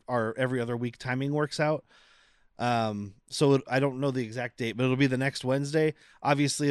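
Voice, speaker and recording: A man's voice: medium pitch, smooth, dry recording, clean studio sound. A man co-hosting a podcast, chatting casually and rambling through the upcoming schedule with many restarts. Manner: rambling, self-correcting, announces schedule. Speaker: podcast co-host.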